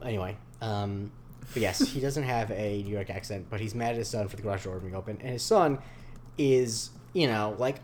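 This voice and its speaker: A man's voice: lowish voice, a little mellow. Rambling male podcast co-host. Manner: rambling, filler-heavy, slips into quick voice impressions. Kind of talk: casual podcast chat recapping a TV episode.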